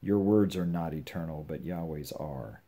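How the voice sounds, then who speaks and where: An older man giving earnest, measured advice on scripture to his children and grandchildren at home. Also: very deep voice, mellow. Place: home with a puppy nearby.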